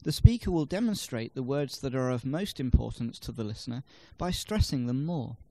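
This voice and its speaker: Gravelly, mellow-voiced man reading a lesson. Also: mid-range voice, animated, no echo. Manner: measured, explanatory reading with demonstrated stress. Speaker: language lesson narrator. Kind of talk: scripted instructional narration.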